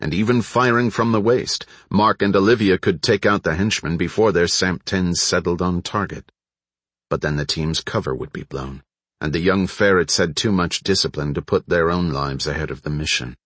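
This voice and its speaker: A man narrating an audiobook in a steady, even storytelling manner. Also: low voice, normal speed, husky, no room sound. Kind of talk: scripted narration.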